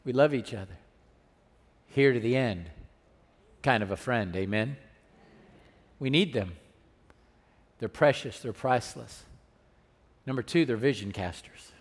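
A male pastor preaching a sermon with call-and-response asides, moving between hushed and loud delivery. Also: medium pitch, a little slow, long pauses, breathy edge, big-room sound.

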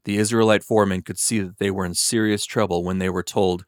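Low-voiced man reading scripture. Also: steady tone, quick pace, no room sound, clean studio sound. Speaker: scripture reader.

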